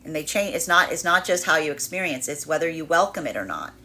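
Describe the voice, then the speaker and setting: A woman's voice: low voice, fast talker. Rambling woman giving a tarot reading. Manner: rambling, self-correcting, animated when voicing others. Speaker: tarot reader. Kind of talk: daily tarot energy reading.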